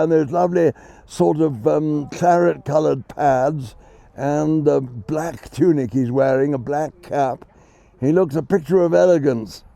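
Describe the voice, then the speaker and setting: A man's voice: fairly high pitch, creaky, warm tone, no echo. A man giving chatty, self-deprecating live ball-by-ball cricket commentary. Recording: dull lo-fi sound.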